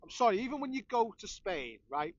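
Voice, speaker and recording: A man's voice: very high-pitched, expressive, a little fast, no echo, highs cut off. A man with a Scouse accent, chatting and ranting with a laugh as he hosts a live stream. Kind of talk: casual chat.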